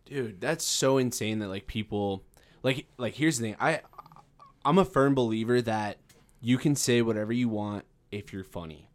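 In a casual podcast chat, a male comedian with a mid-range voice thinks out loud at normal speed. He's thoughtful, rambling in sentences that keep restarting, and says things like "I was about to say."

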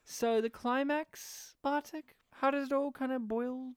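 A man's voice: very high voice, a little slow, smooth, no room sound, studio quality. A man co-hosting a podcast, chatting casually about a movie and acting out lines from it with lots of swearing. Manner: animated, sweary, acts out quotes. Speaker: podcast co-host reviewing a movie. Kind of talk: casual chat.

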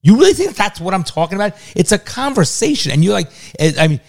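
A man's voice: high voice, big pitch swings, fast talker, darkish tone. A middle-aged man, a father, arguing heatedly with his son, exasperated, swearing and talking over him. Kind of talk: heated family argument.

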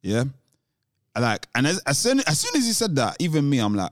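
A man's voice: mid-range voice, huge pitch swings, brisk, dry recording, studio quality. A man chatting casually as a co-host, rambling off on tangents with lots of restarts and street slang. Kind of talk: casual chat.

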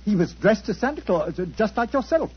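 A man's voice: high-pitched, animated, brisk, breathy edge. A man playing a polite, deferential and apologetic butler in a 1940s radio drama. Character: deferential, anxious male butler. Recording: dull 1940s radio broadcast.

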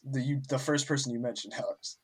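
A man co-hosting a casual movie review chat, rambling and halting, laughing mid-sentence. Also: medium pitch, husky. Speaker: podcast co-host.

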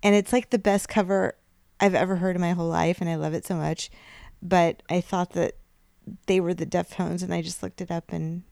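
A woman's voice: fairly low pitch, steady tone, normal speed, creaky, darkish tone, no room sound, studio quality. A woman co-hosting a podcast in casual chat, giggly and unsure, rambling with fillers. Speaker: podcast co-host.

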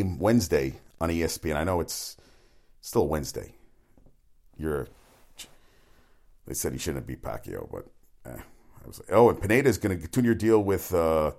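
A deep, darkish male voice belongs to a sports talk show host who rambles bluntly from topic to topic. He swears, restarts often, and keeps it a casual, wandering monologue.

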